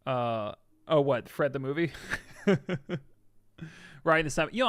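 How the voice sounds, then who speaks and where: Reading viewer comments during a live stream, a medium-pitched man talks casually, swinging from loud excitement to hushed asides. The recording carries no room sound.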